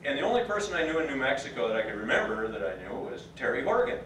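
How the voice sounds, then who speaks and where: A man's voice: medium pitch, sing-song, fast talker, fairly bright tone, a little hiss or hum. A plain-spoken man in his fifties tells a story to a reunion crowd in a folksy way. His voice sits in a middle register and echoes around a large room, picked up from some distance. Faint room ambience hums underneath. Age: 50s. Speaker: reunion speaker. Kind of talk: storytelling speech to an audience.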